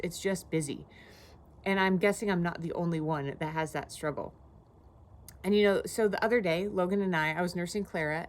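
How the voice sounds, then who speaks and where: A woman's voice: fairly low pitch, a little mellow, a little hiss or hum. A woman in her thirties, a pastor giving a devotional video talk in a conversational, personal storytelling way. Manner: conversational, personal storytelling with frequent "you know".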